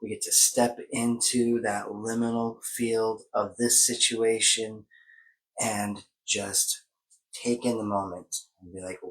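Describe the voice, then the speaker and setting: A man's voice: fairly low pitch, flat delivery, takes it slowly, a bit bright, poor audio. Guy walking through a coping process, encouraging, easygoing chat. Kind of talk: casual wellness chat.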